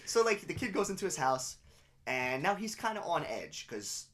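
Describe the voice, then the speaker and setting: Co-hosting a laid-back podcast, a young man with a voice on the high side speaks at normal speed. His animated recap of a TV episode is full of swearing and laughter.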